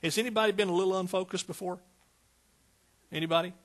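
A man's voice: high-pitched, fairly even intonation, fast, a bit bright. A man preaching a fervent sermon, calling out to his congregation.

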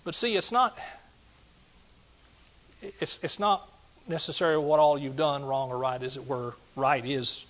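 A middle-aged man preaching a sermon. He talks in a folksy way, swings between loud emphatic points and quiet asides, and calls out to his listeners. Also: mid-range voice, unhurried, pauses often. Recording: dull lo-fi recording.

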